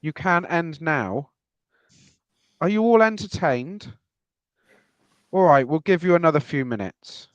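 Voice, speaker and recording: A man hosts a live football stream in a relaxed, rambling way, picking up viewer comments as he goes. His voice sounds dry and close, with slightly muffled audio. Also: fairly high pitch, a little slow, pauses often, dry recording. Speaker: podcast host.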